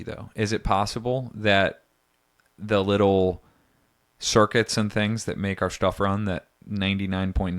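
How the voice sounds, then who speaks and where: A man co-hosting a podcast in casual chat, rambling and jokey, often mocking himself. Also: low-pitched. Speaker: podcast co-host.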